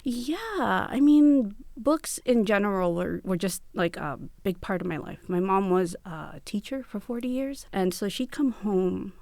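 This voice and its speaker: A woman's voice: mid-range voice, animated, unhurried, gravelly, few pauses, darkish tone, dry recording. A woman from the Philippines, an author and illustrator, talking in a friendly, reflective way about her start in drawing. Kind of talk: interview chat. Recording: dry studio sound.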